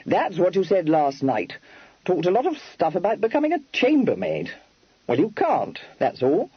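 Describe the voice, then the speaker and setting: A man's voice: sits high, huge pitch swings, normal speed, husky, no echo, muffled recording, pitched above the performer's own voice, heavily acted. A man doing a blunt, gloomy young gent. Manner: clipped, slangy sentences.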